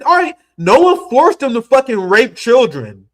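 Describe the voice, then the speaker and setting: Profane, high-voiced ranting man. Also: very animated, moderate pace. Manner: profane, heated, mocking. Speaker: political streamer. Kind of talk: ranting political commentary.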